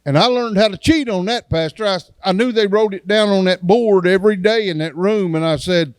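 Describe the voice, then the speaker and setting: A man's voice: high-pitched, a little fast, few pauses, clear, resonant tone, dry recording. A man, an evangelist giving a testimony sermon in a church and acting out the dialogue in his story in a folksy way.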